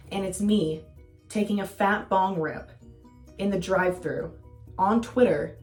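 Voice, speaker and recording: A young woman telling a casual storytime vlog, candid and self-mocking, swearing freely. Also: lowish voice. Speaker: vlogger.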